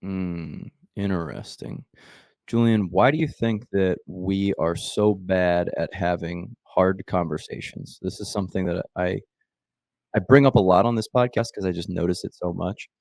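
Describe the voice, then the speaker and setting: Deep-voiced podcast host, dry sound. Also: male voice, normal speed, gravelly, darkish tone, no room sound. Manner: rambling, filler-heavy questions. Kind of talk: casual interview chat.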